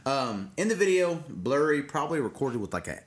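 A man's voice: mid-range voice, very animated, a little fast. A man co-hosting a casual podcast, telling rambling stories with crude, joking humor. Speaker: podcast co-host.

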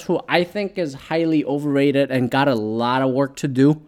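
A man's voice: mid-range voice, fairly even intonation, normal speed, darkish tone. A man ranting casually about football, profane and sarcastic, with lots of fillers and asides. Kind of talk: casual opinionated sports rant.

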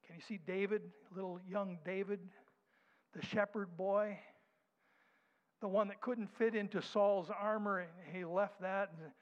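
A man preaching a sermon, dropping to soft whispers and rising to loud, slow declarations. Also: sits high, fairly even intonation. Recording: dull sound with long hall reverb.

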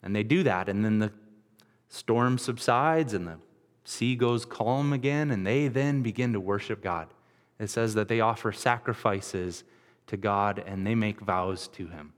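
A man's voice: fairly low pitch, a little slow, big-room sound. A male pastor preaching a sermon, retelling a scripture story in a casual, storytelling way.

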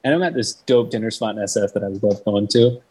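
A young man with a low, husky voice tells his story casually, with a lot of cursing and "like". He acts out the people he quotes. He sounds a bit distant from the microphone. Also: fast, a little mellow. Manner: swears freely, fills with 'like', acts out quoted people. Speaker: guest. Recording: mic set back from the speaker.

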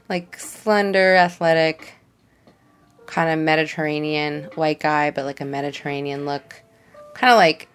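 A woman's voice: deep voice, vocal fry, clear, resonant tone. A young woman hosting a podcast, telling a personal story in a chatty way, full of filler words. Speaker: podcast host. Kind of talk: casual storytelling.

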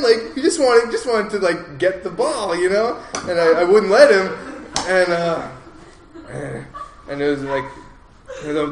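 A man with a slightly high voice spins a rambling personal story, full of fillers, restarts and self-amused chuckles. The recording rings with a roomy echo. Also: a little hiss or hum. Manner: loose, full of "like" and restarts, laughing at himself. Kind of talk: casual spoken story, rambling and animated.

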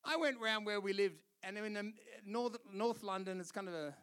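A man with an Australian accent, a pastor preaching a sermon in an animated, conversational way, telling a personal story and urging listeners on. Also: high voice, normal speed, clean tone. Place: church service.

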